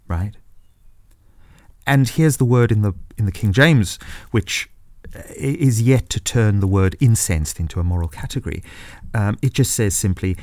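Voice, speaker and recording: A man talks through a reflective solo monologue with a low, deep voice. He muses and searches for his words, and sometimes reads passages aloud. The sound is dry and close, with no room around it. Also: animated, unhurried, darkish tone, no room sound. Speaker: podcast host.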